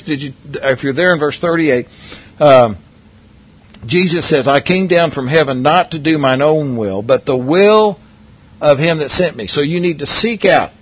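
Husky man teaching a sermon. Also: on the high side, lo-fi sound. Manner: conversational, asks the congregation questions, restarts often. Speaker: preacher.

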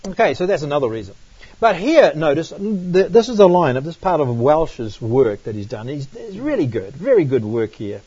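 A man's voice: a little high, very animated, moderate pace, dark tone, slightly rough, no echo, highs cut off. A man giving a Bible study lecture, explaining passages and reading scripture aloud, often checking in with "right?". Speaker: Bible teacher.

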